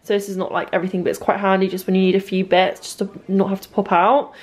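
A woman's voice: mid-range voice, little pitch movement, fast, a little mellow. Chatty young woman vlogging. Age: young adult. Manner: chatty, says "literally" constantly. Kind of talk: casual vlog chat. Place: home.

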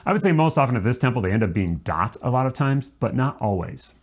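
Male music teacher, mid-range voice, clear step-by-step explanation. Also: mid-range voice, very animated, fast talker. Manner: demonstrates articulation by singing syllables. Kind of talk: instructional explanation.

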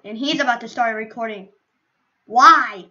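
A woman's voice: high-pitched, slow pace, sharp tone, dull audio. A woman streaming a game, chatting casually to viewers in a playful, rambling way with silly asides, on a computer microphone. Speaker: gaming streamer.

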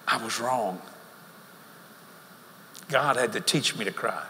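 An older man with a Louisiana accent preaches a humorous sermon, drawling out folksy, joking stories in a large meeting hall. His medium-pitched voice has a sharp tone and a slow pace. The hall is reverberant, with faint ambience and slight background noise.

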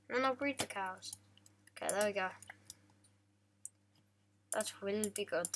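Bright, playful young gamer woman. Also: mid-range voice, steady tone, moderate pace, long pauses, a little hiss or hum. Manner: joking, chatty, playful, talks to animals in game. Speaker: gaming vlogger. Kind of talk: casual game commentary.

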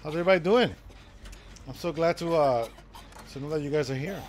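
A man streaming a live game, joking with chat and breaking into loud excited shouts. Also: fairly high pitch, brisk, slight background noise. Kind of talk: live gameplay commentary.

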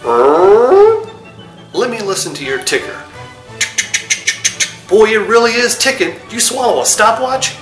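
A man's voice: sits high, big pitch swings, measured pace, long pauses, a bit bright, reverberant, faint music behind, pitched above the performer's own voice, full character voice. A man voicing a fussy, middle-aged male doctor who keeps exclaiming in surprise. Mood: surprised.

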